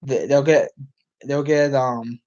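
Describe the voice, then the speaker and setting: A man with a mid-range, darkish voice speaks slowly and steadily in dull-sounding audio, hosting relaxed live sports talk. He loses his thread, restarts, piles on ums, and reacts to the game. His voice is going.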